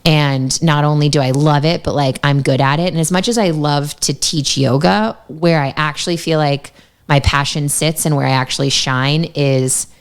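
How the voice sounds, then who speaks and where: Low, smooth-voiced young woman storyteller. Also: fairly even intonation, normal speed. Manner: chatty storytelling, many fillers. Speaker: yoga teacher and guest. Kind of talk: casual podcast interview. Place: podcast studio.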